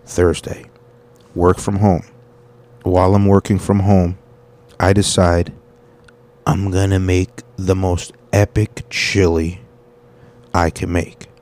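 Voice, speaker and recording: A man's voice: sits low, little pitch movement, takes it slowly, long pauses, darkish tone. A man hosting a podcast, telling a rambling, profane story in a casual monologue and acting out the people in it. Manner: rambling, profane, quotes people in his stories. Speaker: podcast host and stand-up comic.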